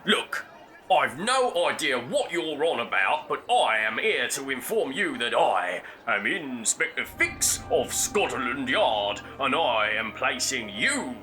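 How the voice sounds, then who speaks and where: A man plays a brusque, bumbling police inspector in a comic radio play, barking out his commands. His voice is sharply bright and slow-paced, rising and falling widely. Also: medium pitch, full character voice.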